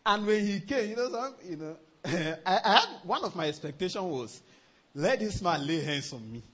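Pastor guy preaching, high bright voice, bit husky, keeps laughing and repeating himself. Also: normal speed. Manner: animated preaching, often chuckling, repeats "let me tell you". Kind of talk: sermon.

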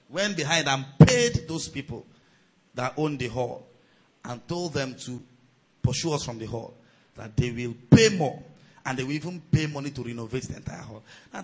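A man preaching a sermon as pastor. His delivery swings between loud, shouted surges and quieter storytelling. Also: mid-range voice, poor audio.

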